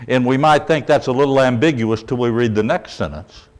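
A man's voice: mid-range voice, a little fast. Earnest male preacher mid-sermon. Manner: emphatic, often checks in with "Okay?", drops soft at phrase ends.

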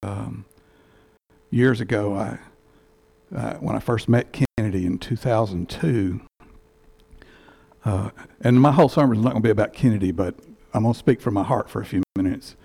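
Male church elder, sermon storytelling, heartfelt and halting, a bit of fry in the voice, headset mic. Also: on the low side, warm tone.

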